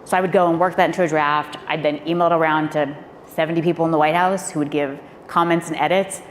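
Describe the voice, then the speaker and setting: A woman, a former speechwriter, telling candid stories on a live panel with animated delivery. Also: deep voice, fast talker. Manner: animated, acts out quoted voices. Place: event hall. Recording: echoey hall with faint noise.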